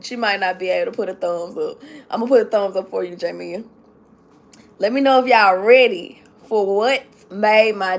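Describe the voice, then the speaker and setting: On a casual live stream, a woman who works at a school tells an emotional story, close to tears and repeating herself as she speaks straight to her chat. Her voice is medium in pitch.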